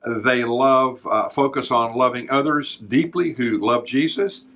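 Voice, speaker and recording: A man's voice: medium pitch, unhurried, fairly bright tone. An older man hosting a devotional podcast, talking in an earnest, preacherly way as he works through a numbered list. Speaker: podcast host.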